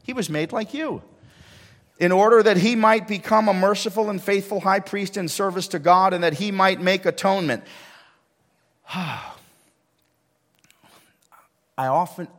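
A male pastor giving a sermon, swinging between hushed lines and loud emphatic ones. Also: high voice, steady tone, unhurried, pauses often. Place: church sanctuary. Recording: long hall reverb.

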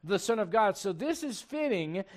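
High-voiced man preaching a lively sermon. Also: normal speed. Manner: animated, loud emphasis, reads scripture aloud. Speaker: pastor.

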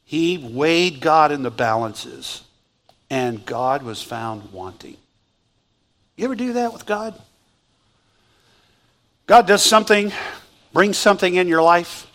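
A male pastor preaching a sermon as lively storytelling, asking the congregation questions. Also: a little high, slow pace, long pauses.

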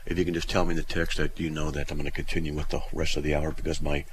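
A man's voice: a bass voice, little pitch movement, rapid-fire, a little hiss or hum. A middle-aged man hosting a call-in radio show, chatty and rambling with many fillers and restarts.

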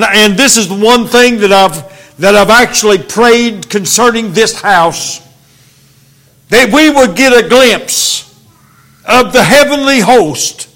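Man, preacher, high voice, unhurried, scripture reading and sermon, church. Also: a bit bright. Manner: slow, deliberate King James reading, then earnest preaching.

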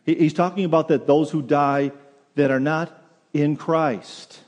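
A male pastor delivers an earnest sermon, restarting phrases and repeating words as he goes. His voice is mellow and dark. The sound carries a long reverb from the church hall around him. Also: on the high side, fairly even intonation, measured pace. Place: church sanctuary.

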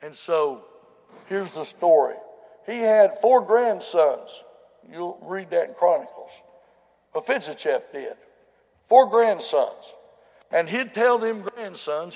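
Gravelly impassioned preacher man. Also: fairly high pitch, slow, long pauses, long reverb tail. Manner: impassioned, swinging from loud shouts to soft pleading. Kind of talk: revival sermon.

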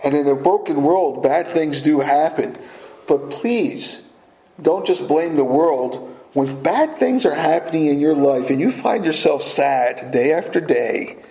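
A man's voice: on the high side, expressive, unhurried, dark tone, reverberant, low-quality recording. A man preaching a sermon as a pastor, earnest and repeating key phrases for emphasis.

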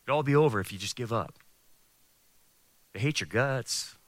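A man voicing the devil as a low, hushed, taunting whisperer of doubt. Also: normal speed, no echo, close to an everyday voice. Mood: mocking.

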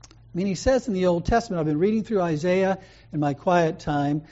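A man's voice: high voice, fairly quick, dark tone. Man preaching in a dull, muffled recording. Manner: conversational storytelling preaching. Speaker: pastor. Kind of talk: sermon.

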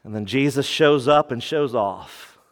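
A man preaching a radio sermon, emphatic, dropping low for key points and rising when he quotes. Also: measured pace, long reverb tail. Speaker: pastor.

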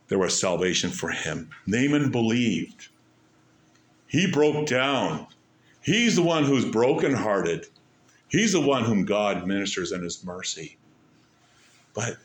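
A man preaching a sermon, asking rhetorical questions and stressing points with pauses and sudden drops in volume. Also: on the low side. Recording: echoey room.

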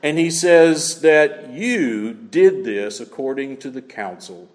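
Emphatic preacher in a reverberant hall. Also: male voice, mid-range voice, expressive, slow. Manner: emphatic, repeats key phrases. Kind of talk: sermon.

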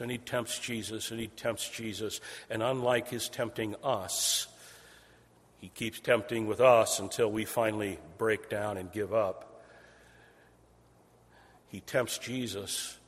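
A man delivers an expository sermon in a mid-range, slightly rough voice, building phrases in rhythmic repeated series. He swings from loud emphasis down to a hushed near-whisper, and the hall adds a long reverb.

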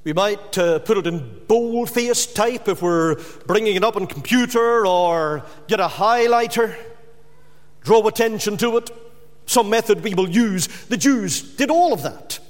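A man delivers a sermon in a high, ringing voice, pressing hard on repeated words. His voice carries a long reverberation, as in a church or hall. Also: lively intonation, unhurried. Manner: emphatic, rising to loud repeated stresses. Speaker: preacher.

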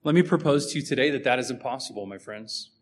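A male preacher delivering a sermon with an emphatic, conversational push, often turning to the congregation with rhetorical questions. His voice sits at an everyday middle pitch, and a faint ambient hiss lies behind him. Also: fast talker.

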